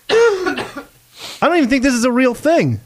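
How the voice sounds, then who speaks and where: A young man moderating a comedy podcast, curt and exasperated with his co-hosts. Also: very high-pitched.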